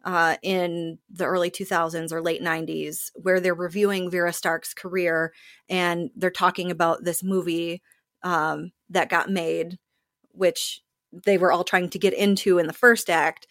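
A woman actor in a casual interview, telling the story of a play in an animated way and acting out other people's lines. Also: lowish voice, unhurried, no echo, studio quality.

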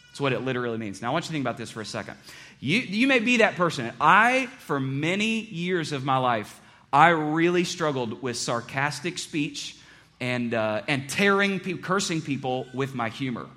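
A man's voice: mid-range voice, animated, moderate pace, bright, forceful tone. A man preaching a sermon as a pastor, earnest and conversational, often repeating his phrases.

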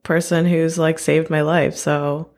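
A woman from the United States, speaking in a casual podcast chat and effusively affirming the other person with warm praise. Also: low voice, level tone, a little slow. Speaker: podcast co-host.

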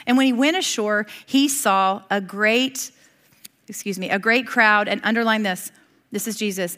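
A middle-aged woman preaching a sermon in a conversational, lively way, with a lot of asides and quick laughs. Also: medium pitch.

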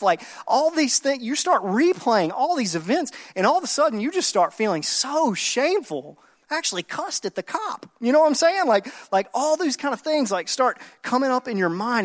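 A man's voice: sits high, sing-song, moderate pace, fairly bright tone, long reverb tail. A man preaching a sermon conversationally, checking in with listeners and acting out everyday scenes with rising intensity.

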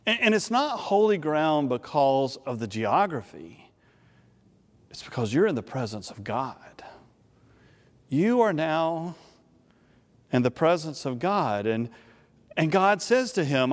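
Man, pastor, sermon, high voice, animated storytelling, restarts with repeated words, long hall reverb. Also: slow, long pauses.

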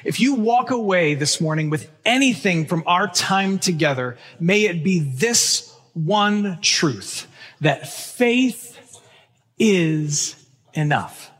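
Higher-voiced guy preaching, earnest, leans on key words, echo of a big church. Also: lively intonation, a bit bright, husky. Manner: earnest, emphatic, slows on key phrases. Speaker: pastor. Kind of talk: sermon. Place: church sanctuary. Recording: long church reverb.

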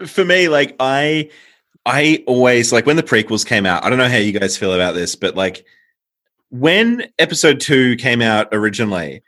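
A man's voice: mid-range voice, animated, normal speed, a bit bright. A New Zealand man co-hosting a podcast, talking casually with many fillers. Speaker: podcast co-host. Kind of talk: casual chat.

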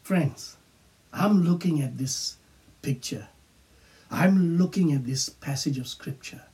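Slow-preaching man, dark-toned. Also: a little high, distant mic. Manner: slow, emphatic preaching with whispered phrases. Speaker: pastor. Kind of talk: sermon.

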